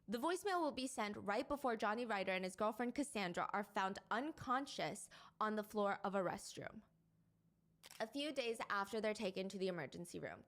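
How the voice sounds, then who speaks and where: Woman narrating a true crime story. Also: mid-range voice. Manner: measured, descriptive storytelling.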